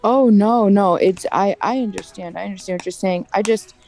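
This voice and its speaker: A woman's voice: medium pitch, moderate pace, mellow. A woman in casual chat with friends, talking in long runs and retelling conversations with quoted lines. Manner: chatty, retells stories with quoted voices, laughs often. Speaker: streamer chatting with friends.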